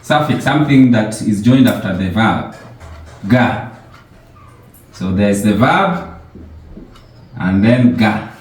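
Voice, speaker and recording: A man's voice: fairly low pitch, animated, slow pace, long pauses. A man giving an informal language lesson, patiently asking questions and repeating words for his learner. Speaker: language teacher. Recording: very echoey room.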